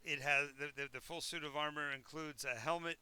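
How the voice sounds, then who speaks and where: A man's voice: on the high side, steady tone, a little fast, pushed and bright, clean tone. A man narrating a tabletop game as game master, describing scenes in a rambling, self-correcting way.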